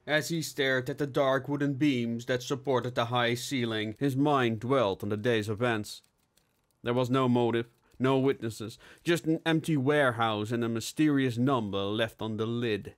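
A man narrating a steampunk novel in a measured storytelling manner. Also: mid-range voice. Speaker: audiobook narrator. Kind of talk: scripted narration.

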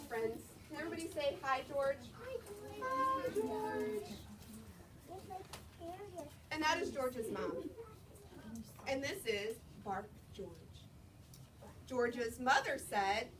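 A woman librarian reading a picture book aloud to young children at storytime, in an animated sing-song manner, asking them questions as she goes. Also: sits high, slow pace, long pauses, a crowd in the background. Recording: distant mic, noisy room. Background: children answering.

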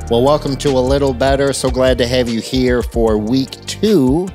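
An upbeat, jokey man hosts a casual podcast chat. His voice sits at an ordinary middle pitch. Soft music plays quietly behind him. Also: normal speed, few pauses. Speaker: podcast host.

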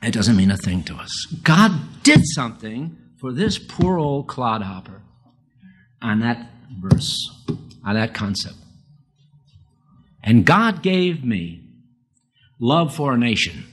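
An older man from the Northeast preaching a sermon, folksy and self-deprecating, telling a personal story with sudden high, emphatic bursts. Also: very animated, takes it slowly, long pauses, slightly rough. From United States.

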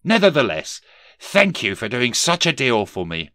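A man's voice: mid-range voice, huge pitch swings, moderate pace, pushed and bright, no room sound, studio quality, pitched above the performer's own voice. A man voicing a fretful, miserly man who falters and trembles as he speaks.

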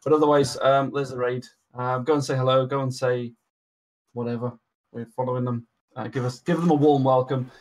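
A man's voice: mid-range voice, level tone, fairly quick, darkish tone, poor audio. A man hosting a game stream, chatting casually through the sign-off and rambling with many ums and restarts. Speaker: dungeon master and stream host.

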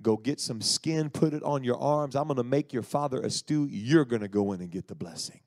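Guy playing a bossy mom giving orders, quick and firm. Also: mid-range voice, a little mellow, natural voice. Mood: commanding.

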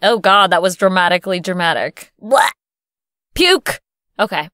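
A woman's voice: on the low side, animated, normal speed, bright, forceful tone, clean tone, dry recording, studio quality. A woman chatting casually between takes, giggly and rambling. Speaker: audio drama cast member.

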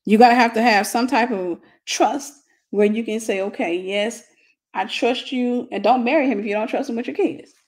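A woman's voice: fairly high pitch, a little fast. Woman relationship teacher, casual and blunt with a comic streak. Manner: blunt, humorous, colloquial.

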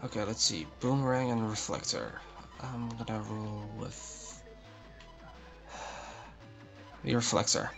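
A man's voice: lowish voice, slow, creaky, long pauses, a bit bright, faint music behind. A young man commentating his own gameplay, frustrated, swearing and muttering to himself. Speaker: let's play host.

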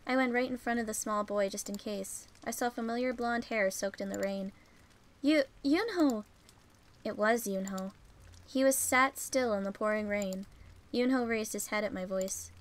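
A woman's voice: mid-range voice, fairly even intonation, normal speed, a little hiss or hum. A woman reading a visual novel game aloud, narrating plainly and breaking in with swearing and joking reactions. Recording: faint music behind.

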